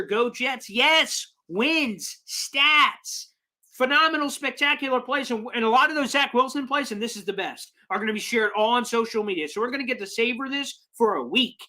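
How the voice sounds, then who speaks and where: Bright, high-energy male sports fan host. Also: normal speed. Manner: high-energy, passionate, rambling. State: emotional and excited. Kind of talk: live fan reaction stream, reading viewer comments.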